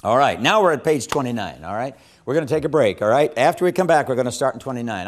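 A man teaching a session on evangelism in a sermon style, telling a story with strong emphasis and dropping to hushed tones when quoting. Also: mid-range voice, lively intonation, fast talker. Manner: impassioned, swings from loud emphasis to hushed quoting.

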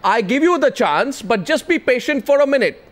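A male moderator keeps a heated political debate in hand, commanding and pushing the guests to answer. His voice sits very high. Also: animated, moderate pace. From India.

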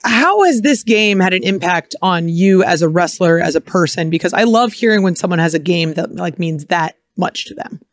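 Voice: mid-range voice, expressive, normal speed, few pauses, no echo. A co-host trades teasing banter, laughing often, in a middle-range voice. The recording is dry and close. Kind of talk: casual banter.

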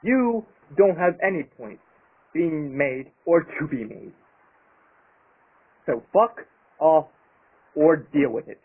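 A man with a fairly high, slightly rough voice rants about his YouTube channel, his intonation lively but his pace slow and broken by long pauses. The vlog is angry, emphatic and crude, captured with tinny, phone-style sound.

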